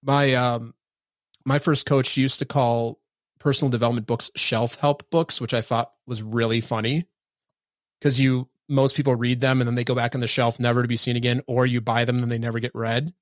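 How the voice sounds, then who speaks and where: A man's voice: mid-range voice, little pitch movement, normal speed, no echo, clean studio sound. A man from Minnesota hosting a podcast interview, friendly and self-deprecating in casual chat. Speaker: podcast host.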